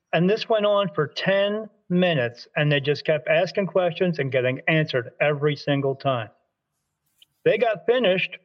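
Heard in lo-fi sound, this high-leaning male voice belongs to a Delaware spirit medium recounting a story conversationally. He animates the tale by performing the dialogue, frequently starting his sentences over.

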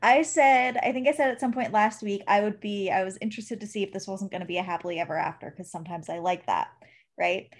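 A woman's voice: mid-range voice, fast talker. A woman co-hosting a casual book discussion, talking expressively and laughing often. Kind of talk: casual chat.

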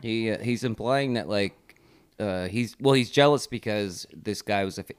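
A man on a podcast, recapping a film with quick jokes. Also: lowish voice, clean tone. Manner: joking, adds quick gags. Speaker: podcast co-host. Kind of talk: casual chat recapping a film.

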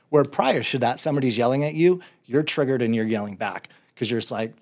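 A man's voice: medium pitch, brisk, few pauses, darkish tone. A man as a podcast guest, talking earnestly and casually about personal growth, laughing often. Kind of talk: casual conversation.

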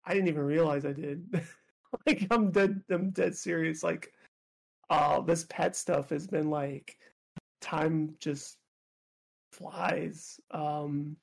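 A man with a gravelly, somewhat high voice chats casually as a podcast co-host. He laughs often and trips over his words, restarting sentences as he goes. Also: steady tone, slow pace. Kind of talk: casual chat.

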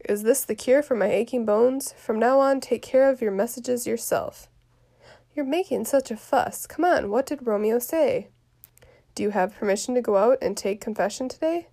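A woman reading the part of a fussy, complaining old nursemaid aloud from a play, grumbling in a quiet voice. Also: a little high, moderate pace.

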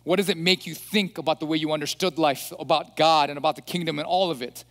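A man's voice: fairly high pitch, fairly even intonation, fast, fairly bright tone. A man preaching a sermon in a reflective way, putting questions to his listeners.

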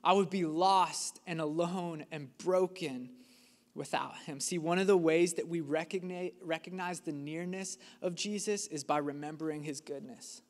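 A man preaching a sermon as a pastor, earnest and emphatic, with dramatic pauses. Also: on the high side, big-room sound.

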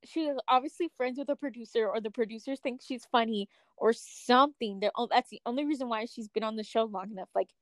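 High-voiced catty woman co-host. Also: quick pace, hardly any pauses, dry recording. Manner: catty, emphatic, profane. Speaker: podcast co-host. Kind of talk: casual chat.

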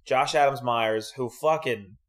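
A young man co-hosting a podcast, telling animated stories in casual chat, swearing often and laughing a lot. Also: medium pitch, measured pace. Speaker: podcast co-host.

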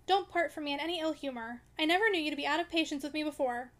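A woman voicing a reserved young man in an audiobook reading, speaking quietly and in clipped phrases. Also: sits high, racing. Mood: terse.

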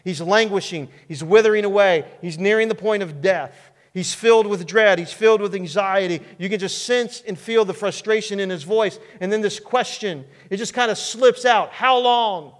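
A male pastor preaching a sermon in an earnest, emphatic way with dramatic pauses. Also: high voice. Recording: long hall reverb.

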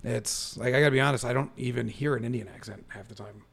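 Male podcast host, gravelly voice, quick to joke and laugh. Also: mid-range voice, a bit bright, a little hiss or hum. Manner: joking, laughs often. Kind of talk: casual chat.

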